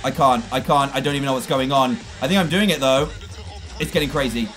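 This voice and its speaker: A man giving excitable let's-play commentary on a video game, exclaiming and laughing as he plays. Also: medium pitch, fast talker, faint music behind. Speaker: gaming YouTuber.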